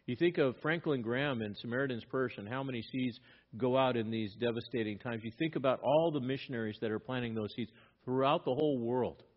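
Reading scripture aloud in a sermon, this male pastor speaks with a medium-pitched voice at a fairly quick pace. He is emphatic, swelling in volume whenever he presses a point, and the recording is dull and lo-fi.

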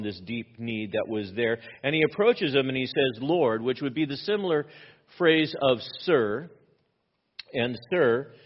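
A man preaching a sermon, asking rhetorical questions and repeating key phrases, often dropping to a hushed, intense tone. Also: mid-range voice, highs cut off. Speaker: pastor.

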